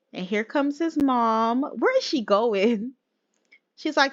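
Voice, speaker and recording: A woman's voice: sits high, slow, long pauses, no room sound. Woman gabbing over a sims let's play, playful, slips into the characters' lines, dry dull lo-fi sound. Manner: chatty, laughs often, voices the characters in playful asides. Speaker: gaming channel host. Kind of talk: casual gameplay commentary.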